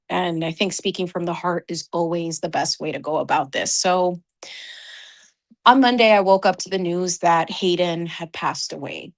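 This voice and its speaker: Gushing woman hosting a livestream chat. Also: medium pitch. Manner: effusive, gushing greetings to viewers; earnest, heartfelt talking. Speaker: livestream host.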